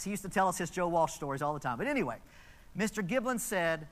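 A man's voice: high-pitched, lively intonation, fast, a bit bright. A man in his fifties preaching a conversational sermon in a church, telling stories with asides to the congregation. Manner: chatty storytelling with asides to the congregation. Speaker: pastor.

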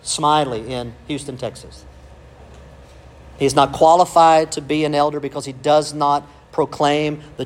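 A male pastor, preaching a sermon with emphatic rhetorical questions and calls of amen. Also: fairly high pitch.

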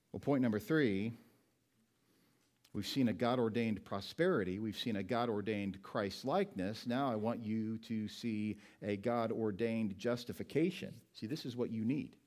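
A man's voice: fairly low pitch, moderate pace, darkish tone. Man, pastor, sermon, asks and answers questions, stresses single words.

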